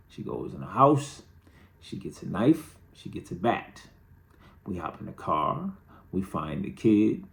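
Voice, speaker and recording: A middle-aged man hosts a personal storytelling monologue, candid and dryly humorous. His low voice has a gravelly edge, and his pitch rises and falls in lively swings as he talks. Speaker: host.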